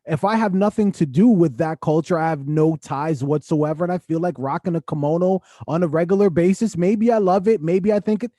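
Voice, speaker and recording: A man co-hosting a podcast, calmly explaining his points in casual commentary. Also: a little high, no room sound, clean studio sound. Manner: explanatory, measured. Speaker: podcast co-host.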